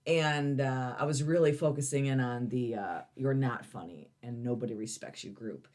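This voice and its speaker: A woman's voice: a bass voice, moderate pace, a little mellow. A middle-aged woman, a comedian co-hosting a podcast, blunt and teasing in casual chat. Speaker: comedian co-host.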